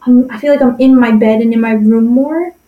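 A woman's voice: fairly high pitch, fairly quick, phone-quality sound. Young female podcast co-host, blunt and jokey, in an echoey room. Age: young adult. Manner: blunt, laughing, sarcastic. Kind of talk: casual chat.

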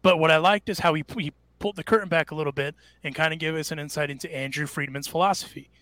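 Bright, dry-sounding man joking on podcast. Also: on the high side, fairly even intonation, fast talker, no room sound. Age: 40s. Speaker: podcast co-host. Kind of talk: casual chat.

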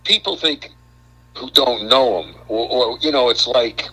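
An older man from Brooklyn, a guest on a radio talk show, telling animated stories and stumbling over repeated words. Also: mid-range voice, a little slow, husky, rough recording. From Brooklyn, New York. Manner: animated storyteller, repeats words, acts out quotes. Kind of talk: casual radio chat.

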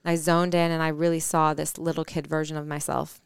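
A woman in her thirties tells a personal story with earnest reflection, pausing on fillers and restarts. Her voice sits low and very clear, with a gravelly edge at the ends of phrases, recorded dry and close. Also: little pitch movement, dry recording. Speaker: podcast co-host.

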